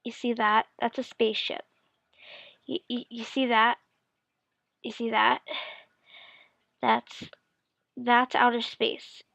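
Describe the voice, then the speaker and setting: A woman's voice: a little high, flat delivery, slow, vocal fry, pauses often, fairly bright tone, no echo, heavily acted. A woman voicing her eager father, who repeats himself while pointing things out during a space movie. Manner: repetitive, pointing things out insistently. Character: eager dad showing his kid a space movie.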